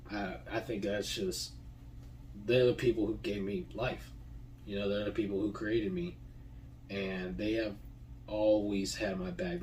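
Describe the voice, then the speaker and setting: Young man, low voice, halting heartfelt thank-yous, a bit off-mic with faint hum. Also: a little mellow, recorded from a distance, rough recording. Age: young adult. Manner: halting, repeats words, many fillers. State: tearful, voice breaking. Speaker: graduating high school student. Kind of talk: heartfelt personal thank-you.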